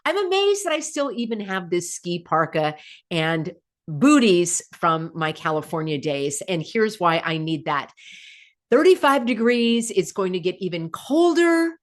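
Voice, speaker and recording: A woman hosting her own broadcast, talking in a chatty, animated way and laughing often. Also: on the low side, measured pace. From United States. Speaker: host. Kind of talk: casual broadcast commentary.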